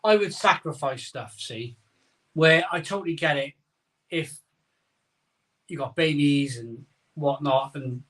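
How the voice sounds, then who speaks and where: A man's voice: fairly high pitch, fairly bright tone. A middle-aged man hosting a casual live stream from his conservatory, chatting and reading out viewer comments in a jokey, sleepy way. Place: home conservatory. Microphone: phone camera.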